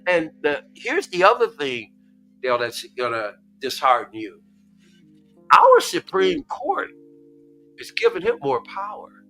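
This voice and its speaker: Host, American man, high, bright voice, lively stream chat, repeats himself when he gets excited. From United States. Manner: animated, excitable, repeats words, laughs often. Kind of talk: casual chat.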